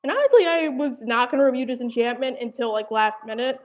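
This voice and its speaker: High-voiced girl rambling on stream, lots of likes and i dunnos, tinny sound. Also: animated, fast talker. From New Jersey. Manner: rambling, hesitant, many "like" and "I don't know". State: slightly out of breath. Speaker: animation commentary channel host. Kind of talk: casual livestream chat. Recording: tinny phone-like audio.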